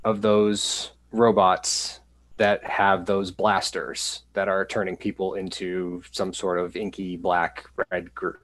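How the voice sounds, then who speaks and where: Guy running a tabletop game, fairly low voice, kinda halting with lots of ums. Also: flat delivery, fairly bright tone. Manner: hesitant, with many fillers and restarts. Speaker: game master.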